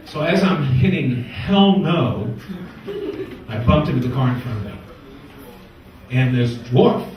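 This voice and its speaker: New man, stand-up comic, deadpan setups; distant, heavy room reverb. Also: fairly high pitch. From New York. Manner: wisecracking, deadpan setups with punchlines. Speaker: stand-up comedian. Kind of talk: stand-up comedy set. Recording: echoey room from far off.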